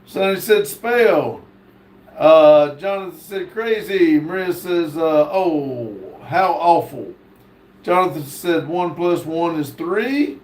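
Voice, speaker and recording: A man's voice: a little high, lively intonation, takes it slowly, a little mellow. A man hosting a live stream, reading viewer comments aloud and stopping often on fillers. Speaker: livestream host. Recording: echoey room.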